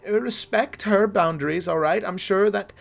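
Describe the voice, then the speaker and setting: A man's voice: high voice, very animated, unhurried, voice pushed up, exaggerated voice. A man voicing a kind, grateful young woman who looks after children, in a lilting raised voice. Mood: scolding.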